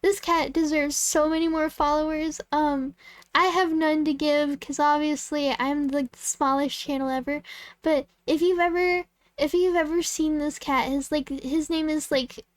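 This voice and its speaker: A woman's voice: high-pitched, level tone, moderate pace, no echo. A woman artist chatting casually while she draws, rambling with lots of "like" and "um" and giggling often. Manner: rambling and giggly, full of "like" and "um" fillers. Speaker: artist and channel host. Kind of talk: casual chat while drawing.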